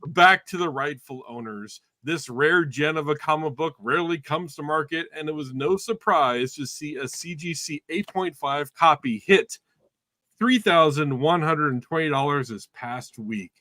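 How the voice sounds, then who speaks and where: A man's voice: fairly high pitch, normal speed, bright, forceful tone, no echo. A man co-hosting a casual online comic book show, reading segments with playful alliteration. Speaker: co-host. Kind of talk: casual chat about comics.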